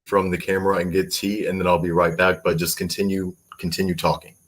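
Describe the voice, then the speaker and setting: A man hosting a casual interview who asks short, relaxed questions and cuts in briefly. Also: deep voice, brisk, breathy edge. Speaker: interview host.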